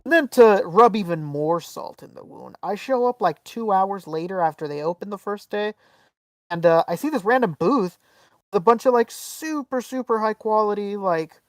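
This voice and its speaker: A man co-hosting a podcast, telling a story in casual, animated chat full of swearing and fillers. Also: high voice, moderate pace, no room sound, distant mic. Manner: animated, profane, lots of fillers. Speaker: podcast co-host.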